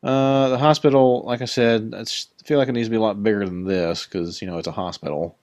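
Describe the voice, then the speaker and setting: Guy with a deep voice mumbling thru a minecraft tour, kinda worn out, dry close sound. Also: fairly even intonation, fairly quick, a little mellow, no echo. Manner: rambling, self-deprecating, talks to game mobs. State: voice a bit worn. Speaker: Minecraft builder giving a tour. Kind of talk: casual let's-play commentary.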